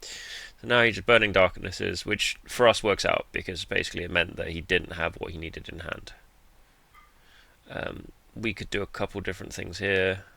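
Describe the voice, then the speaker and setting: A man with a low, gravelly voice talks through his card game match in a laid-back, self-deprecating way. His delivery is forceful, and the dry recording keeps him close to the mic. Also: fairly even intonation, moderate pace, no echo. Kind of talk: casual gameplay commentary.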